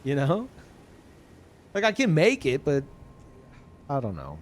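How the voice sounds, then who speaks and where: This man, who calls his voice monotone, talks loosely to his live-stream chat at a slow pace and a slightly high pitch. He wanders through his thoughts, swearing often and filling gaps with fillers and restarts.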